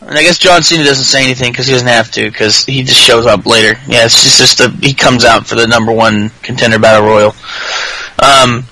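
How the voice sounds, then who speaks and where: A man's voice: medium pitch, fairly quick, bright, forceful tone, dry recording, rough recording. A man hosting a podcast, chatting casually in a rambling, profane, jokey way. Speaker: podcast host. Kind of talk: casual chat.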